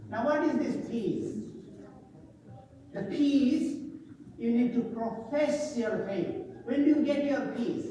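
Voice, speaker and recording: A man's voice: extremely high pitch, slow pace, long pauses. A male priest preaching a sermon, questioning the congregation and checking their agreement with "right?". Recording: echoey hall from far off, faint noise.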